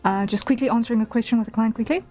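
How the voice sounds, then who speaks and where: Woman, South African accent with a British tinge, bright higher register, casual livestream chatter with frequent laughs. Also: fairly even intonation, very fast. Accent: South African mixed with British. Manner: chatty, laughs often, self-deprecating asides. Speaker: artist streamer. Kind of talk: casual livestream chat while drawing. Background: faint background music.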